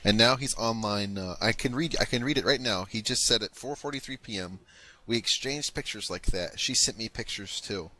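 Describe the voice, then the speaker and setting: A man's voice: lowish voice, normal speed, pushed and bright. A man calling on a recorded phone call, polite and hesitant, repeating himself. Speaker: caller.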